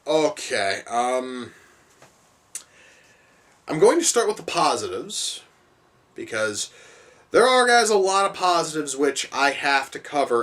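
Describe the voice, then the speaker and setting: A man's voice: medium pitch, a bit bright, distant mic. Foul-mouthed exasperated man ranting. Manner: exasperated, swears heavily, rambling with restarts. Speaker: movie reviewer. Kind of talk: profane movie reaction rant.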